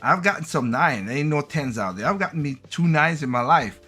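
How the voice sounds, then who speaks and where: A man in his late thirties co-hosting a podcast, talking in a laid-back, rambling way with halting restarts. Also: on the high side, lively intonation, sharp tone, husky, soft background music. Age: 30s. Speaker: podcast co-host. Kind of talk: casual podcast chat.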